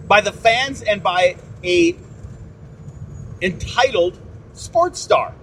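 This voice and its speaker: A podcast host rants slowly, with long pauses and big pitch swings in his high voice. Blunt and indignant, he swears and repeats himself through this opinion monologue, captured on a phone with a little hiss or hum.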